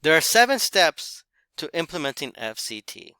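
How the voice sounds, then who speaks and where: A man giving a recorded class presentation, explaining in a measured way with occasional fillers. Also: a little high, sing-song, pushed and bright, clear, resonant tone, no echo.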